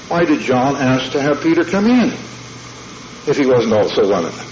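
A man's voice: mid-range voice, lively intonation, moderate pace, darkish tone, slight background noise. A man preaching a sermon in a folksy, emphatic way, often checking in with the congregation. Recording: dull lo-fi sermon tape in an echoey hall.

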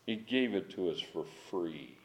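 A man's voice: sits low, a little slow. Emphatic man teaching scripture at home. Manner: animated, emphatic, chuckling asides. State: strained voice. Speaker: Bible teacher. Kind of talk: informal Bible study sermon. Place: at home with dogs.

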